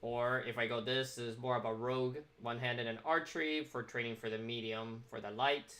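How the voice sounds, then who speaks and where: A man in the middle of a relaxed game stream, his tone bright and a little edgy at the front. He thinks aloud, weighing options and commenting on what happens on screen, at a middle pitch. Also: brisk. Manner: musing, thinks aloud while choosing options. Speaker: gaming streamer. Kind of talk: casual gameplay commentary.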